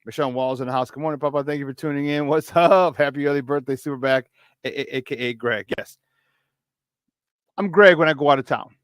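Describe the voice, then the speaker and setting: A man's voice: mid-range voice, fairly quick, clear, resonant tone, dry recording, clean studio sound. A man hosting a sports talk show, chatting casually about football with lots of energy and frequent laughter, a former player telling locker-room stories. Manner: energetic and chatty, laughs often, hypes with "baby".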